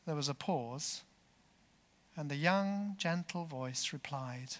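A man preaching a sermon, telling a story in an earnest, unhurried way. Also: a little high, long reverb tail.

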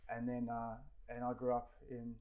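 A man's voice: medium pitch, monotone, normal speed, crowd noise. An Australian man in his forties, a guest telling rambling stories in casual chat, swearing freely and leaning on fillers. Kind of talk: casual storytelling.

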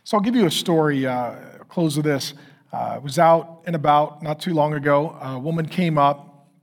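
A man's voice: fairly high pitch, normal speed. A man preaching as a pastor, telling a story with emphatic lists, then closing in prayer. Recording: long hall reverb.

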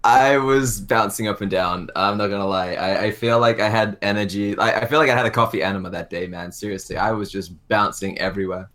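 An Australian man guesting on a podcast, joking around with crude, energetic banter. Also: on the low side, brisk, hardly any pauses. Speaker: streamer guest. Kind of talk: casual chat.

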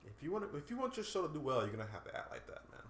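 A man's voice: fairly high pitch, very animated, racing, fairly bright tone, roomy sound. A man co-hosting a casual talk podcast, easygoing and slangy. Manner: laid-back, agreeable, slangy. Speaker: podcast co-host. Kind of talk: casual chat.

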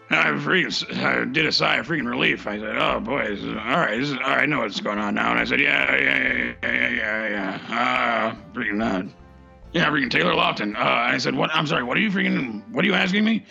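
Gravelly stammering man, muffled mic. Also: mid-range voice, bright, forceful tone. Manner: stammering, rambling, says freaking constantly. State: playing drunk. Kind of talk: improvised comedy bit.

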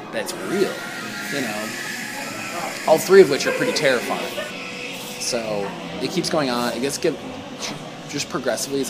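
A man casually telling a long story, rambling with lots of "like" and "you know" and frequent laughs. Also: mid-range voice. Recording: loud music behind the voice.

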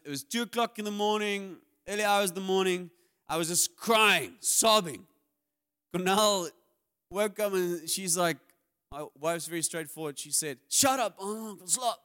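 Candid pastor, smooth voice. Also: male voice, high-pitched, sharp tone. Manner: candid, confessional, self-deprecating humor. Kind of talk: sermon.

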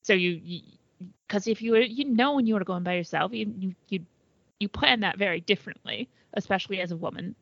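A woman co-hosting a podcast in casual chat, supportive and animated, swearing freely. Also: mid-range voice, brisk, vocal fry, no room sound, lo-fi sound. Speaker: podcast co-host.

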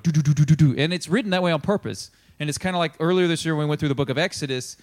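A man preaching a sermon in a casual, chatty way, often acting out the people he quotes. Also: fairly high pitch. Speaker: pastor. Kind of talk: conversational sermon.

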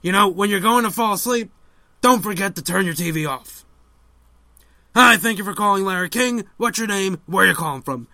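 A man doing an impression of an older male call-in radio host, slow and drawling, handing out random advice. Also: sits high, pushed and bright, no room sound, exaggerated voice. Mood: droning. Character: older male talk-show host, rambling. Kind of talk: comedic impression sketch.

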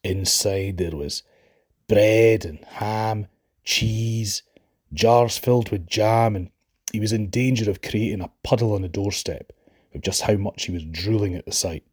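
A man with a Scottish accent telling a Shetland folk tale in a lively, expressive way. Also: fairly low pitch, unhurried, breathy edge. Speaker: storyteller.

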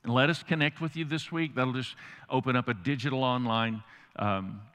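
Bright-voiced pastor in a big hall. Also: male voice, mid-range voice, moderate pace, clean tone. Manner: folksy, humorous, animated asides. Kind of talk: sermon.

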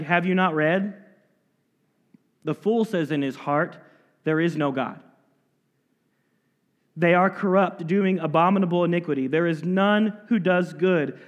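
High-pitched guy preaching, reads verses then punches points, goes quiet suddenly, big echoey hall. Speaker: pastor. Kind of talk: expository sermon. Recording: long reverb of a large hall.

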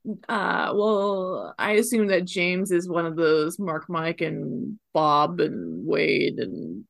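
A woman's voice: fairly low pitch, steady tone, slow, gravelly, dry recording, clean studio sound. A woman co-hosting a podcast, joking around and asking playful questions. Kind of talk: casual chat.

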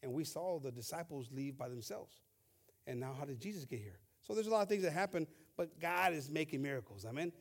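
A man preaching a bilingual sermon, reading scripture slowly and emphatically and rising with emphasis. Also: fairly high pitch, expressive, gravelly. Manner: switches between English and Spanish, reads scripture slowly and emphatically.

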